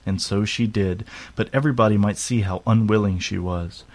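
A man's voice: on the low side, steady tone, normal speed, darkish tone. Man reading a fairy tale aloud. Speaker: narrator.

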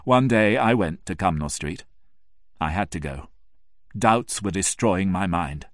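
A very low-voiced man tells the story in the first person, reading with emotion. His pitch rises and falls widely. The recording is dry and close, with no room around it. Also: animated, measured pace, no room sound. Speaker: narrator.

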